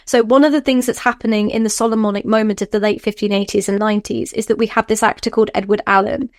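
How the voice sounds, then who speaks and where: A woman scholar, a podcast guest, explaining in an animated way, laughing often and acting out quotes. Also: medium pitch, fast talker, no room sound, clean studio sound. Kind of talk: podcast interview.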